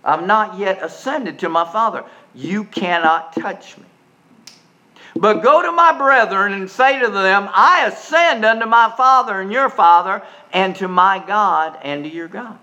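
A man preaching a sermon, folksy and emphatic, jumping from quiet asides to loud stressed lines and often repeating words as he starts a sentence. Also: high voice, expressive, a little slow.

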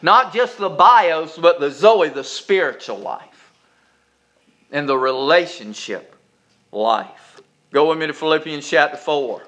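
A male pastor preaching a sermon, leading the congregation in call-and-response and climbing higher on emphasis. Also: expressive, slow pace, fairly bright tone.

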